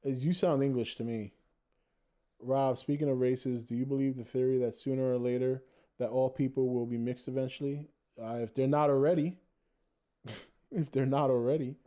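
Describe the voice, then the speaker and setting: A man's voice: mid-range voice, fairly even intonation, normal speed, dark tone. A man hosting a casual podcast, reading viewer comments aloud and joking with the chat. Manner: laid-back, jokey, reads viewer comments aloud.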